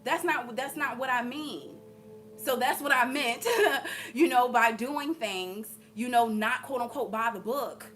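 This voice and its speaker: A woman with a somewhat high voice talks straight to her viewers, chatty and emphatic, often breaking into laughter. Soft music plays faintly behind her. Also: a little slow. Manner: chatty and emphatic, with frequent laughter and repeated asides to the audience. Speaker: spiritual vlogger. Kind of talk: casual spiritual encouragement to viewers.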